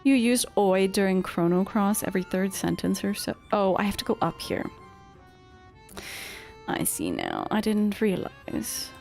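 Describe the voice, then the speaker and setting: A woman's voice: mid-range voice, sing-song, a little slow, gravelly, a little mellow, faint music behind. A woman streaming a video game, talking casually to chat in a chatty, self-deprecating way, laughing often. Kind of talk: casual gameplay commentary.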